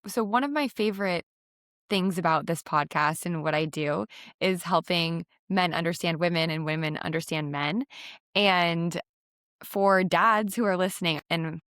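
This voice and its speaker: A woman hosts a podcast interview, setting up long questions and backing her guest with steady "mm-hmm"s. Her voice sits on the lower side for a woman. The mic is close and the sound is dry. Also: measured pace, clear, resonant tone, no echo. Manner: affirming listener, frequent "mm-hmm", long framing questions. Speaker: podcast host.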